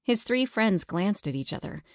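A woman narrating a children's story in a steady reading voice. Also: mid-range voice, normal speed, no room sound, clean studio sound.

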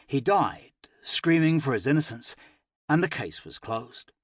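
Husky-voiced man narrating an audiobook. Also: mid-range voice, a little slow, no echo, studio quality. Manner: expressive, emotional storytelling. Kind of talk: first-person audiobook narration.

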